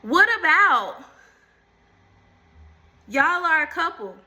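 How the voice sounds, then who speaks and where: A woman's voice: high-pitched, big pitch swings, takes it slowly, bright, forceful tone. A woman hosting her own channel, chatting casually to viewers about faith and relationships, calling them y'all, with preachy asides. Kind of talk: casual faith talk to camera.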